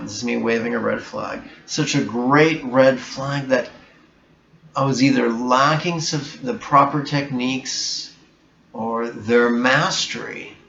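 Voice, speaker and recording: A man giving a reflective spiritual talk as a meditation teacher, slow, deliberate and bluntly emphatic. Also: mid-range voice, gravelly, sharp tone. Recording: echoey room, dull sound, faint hiss.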